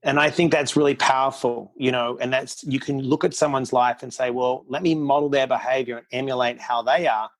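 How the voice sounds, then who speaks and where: A man's voice: medium pitch, fairly even intonation, brisk, few pauses. A middle-aged man, a podcast guest, tells a personal story candidly and bluntly, acting out quotes as he goes. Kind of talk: casual storytelling interview.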